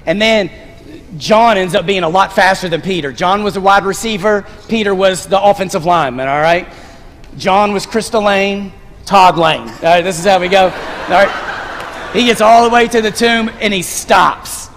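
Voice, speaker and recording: Pastor, male, high voice, lively stage preacher with a joking touch; long hall reverb. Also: moderate pace. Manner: animated, directing volunteers on stage with playful asides. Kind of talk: sermon. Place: church stage. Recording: long reverb of a large sanctuary.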